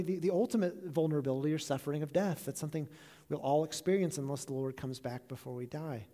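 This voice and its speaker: A pastor preaching a sermon in a church, earnest and reflective, letting his voice drop soft at the ends of phrases. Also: fairly high pitch. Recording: long echo of a large hall.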